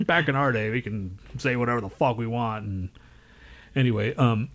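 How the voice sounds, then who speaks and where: A man's voice: mid-range voice, normal speed. A man co-hosting a casual podcast chat, ranting, swearing constantly and laughing often. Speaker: podcast co-host.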